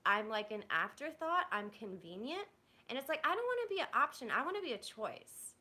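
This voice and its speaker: A woman's voice: high-pitched, very animated, brisk, sharp tone. A young woman venting bluntly to her viewers, rambling and swearing in frustration. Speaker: vlogger. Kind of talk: candid venting to a live audience.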